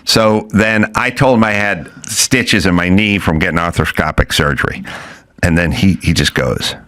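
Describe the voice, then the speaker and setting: A man's voice: deep voice, moderate pace, fairly bright tone. A middle-aged man telling a rowdy story in casual chat, acting out quotes, swearing and laughing. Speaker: podcast host.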